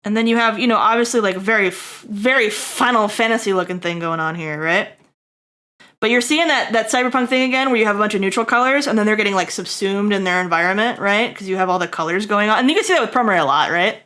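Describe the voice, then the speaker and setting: A woman streamer giving a casual character design critique, rambling with lots of fillers and checking in with "right?". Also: fast. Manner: jokey asides to chat, bursts high and loud.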